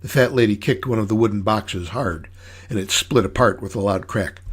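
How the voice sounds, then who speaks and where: A man's voice: on the low side, normal speed, husky. A man reading his own story aloud in dry, wry, hard-boiled first-person narration.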